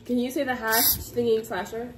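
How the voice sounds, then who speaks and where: A woman's voice: a little high, steady tone, normal speed, slight background noise. A young woman co-hosting a soda challenge, teasing her partner, laughing a lot and counting down each round. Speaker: co-host running the challenge. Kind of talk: casual chat. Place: house, indoors. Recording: roomy echo.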